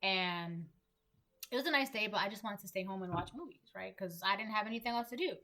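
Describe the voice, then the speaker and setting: Bright-voiced woman giving a tarot reading. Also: medium pitch, fairly quick. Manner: emphatic, repetitive, lots of "like". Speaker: tarot reader. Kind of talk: collective tarot reading, casual monologue.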